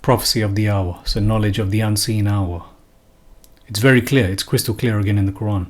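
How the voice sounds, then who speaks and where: A man's voice: lowish voice, fairly even intonation, a little fast, darkish tone. A man giving an unscripted religious talk, earnest and emphatic, often repeating and restarting phrases. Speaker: religious commentator.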